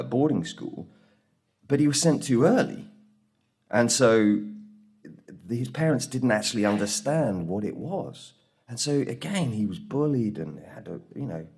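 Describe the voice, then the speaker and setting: A man's voice: medium pitch, husky. A man from England telling the story of making his documentary in a conference talk, acting out the people he quotes. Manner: animated storytelling, acts out quoted voices. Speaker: conference speaker. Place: conference room.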